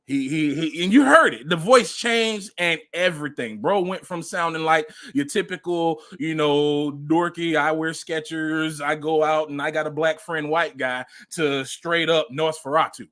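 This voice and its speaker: A man's voice: on the high side, a little slow, hardly any pauses, a bit bright. A man hosting a casual commentary show, speaking emphatically and repeating phrases for effect. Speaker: podcast host.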